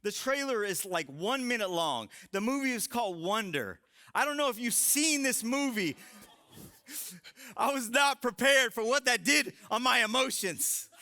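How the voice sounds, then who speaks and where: A man in his thirties giving a live sermon to a young adult crowd in a large room, telling stories with animated humor. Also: very high voice, normal speed. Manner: animated, joking storytelling. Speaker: young adult ministry speaker.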